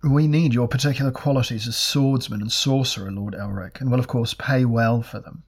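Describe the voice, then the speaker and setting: A man's voice: mid-range voice, fairly quick, slightly rough. A man voicing an intense, scrawny merchant spokesman who speaks in an insistent, aggrieved way.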